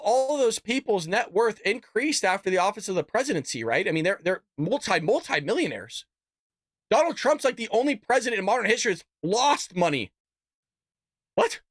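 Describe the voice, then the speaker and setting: A man's voice: dry recording, studio quality. A man hosting a live political commentary stream, ranting heatedly with profanity and mock voices. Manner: heated, profane ranting that swings loud and high. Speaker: political commentary show host.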